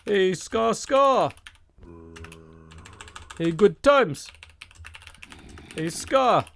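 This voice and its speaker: Goofy folksy old-time sports guy, a man doing an impression, loud and hammy, high-pitched. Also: expressive, extremely slow, gravelly, a little hiss or hum, heavily acted.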